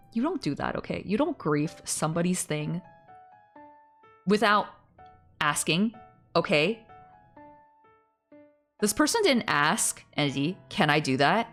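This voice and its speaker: A woman's voice: lowish voice, very animated, a little slow, pauses often, a bit bright, faint music behind. A woman streamer chatting casually, ranting animatedly, laughing often and swearing freely.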